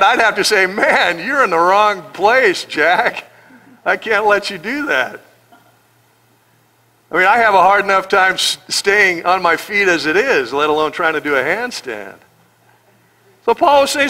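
A middle-aged man pastor preaching a sermon in an animated, joking way, acting out the voices of people he quotes. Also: high voice.

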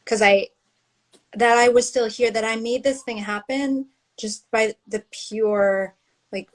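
A woman's voice: mid-range voice, low-quality recording. A woman author in candid, casual conversation on a video livestream, laughing often and speaking openly. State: tearful near the end. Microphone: livestream video call.

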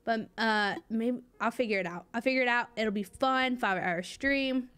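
Young woman streamer, slightly high, chatty and scattered, constant fillers, thanks her chat. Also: moderate pace, fairly bright tone, smooth. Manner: rambling and chatty, trailing off with many fillers; bubbly, reads out and thanks viewers. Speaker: game streamer. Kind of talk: live gameplay stream chatter.

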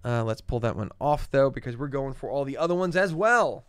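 A man's voice: medium pitch, lively intonation, brisk, a bit bright, smooth, no echo. A man co-hosting a card-collecting show, chatting casually and naming cards as he opens packs. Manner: easygoing, lots of fillers, names cards aloud. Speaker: co-host opening card packs. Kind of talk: casual chat.

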